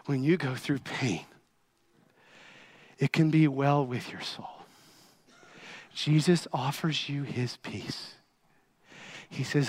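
A man preaching a sermon, impassioned, swinging between loud pleading and hushed quiet. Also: a little high, slow, long pauses.

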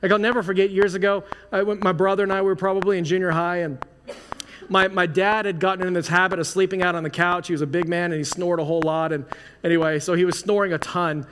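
A man's voice: high voice, flat delivery, quick pace, fairly bright tone. A man preaching a sermon as pastor, in a casual, conversational way full of "like" and restarts. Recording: long hall reverb, faint noise.

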